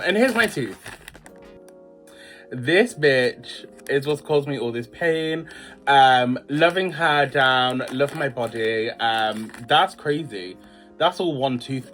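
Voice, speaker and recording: A man's voice: medium pitch, expressive, a little slow, pushed and bright, soft background music. A man, chatting casually in a slangy, dramatic storytime vlog. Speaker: vlogger.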